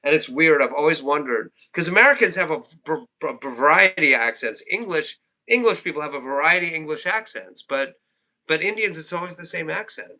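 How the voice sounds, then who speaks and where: Male stream host, sharp bright tone, rambling jokey banter. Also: on the high side, animated, brisk. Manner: rambling, joking, repeats himself. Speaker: livestream host. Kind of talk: casual group call chat.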